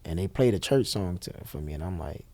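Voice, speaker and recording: A young man speaking as an interview guest, telling a personal story candidly and bluntly, with profanity, and acting out the dialogue with quick shifts of voice. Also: low-pitched, animated, dark tone, no room sound.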